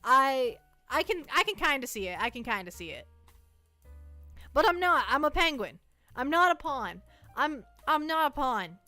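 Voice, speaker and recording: Bright, playful woman streamer. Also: high voice, very animated, normal speed, no room sound, faint music behind. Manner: playful, rambling, self-mocking. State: jittery from too much caffeine. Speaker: live streamer. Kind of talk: casual chat to a live audience.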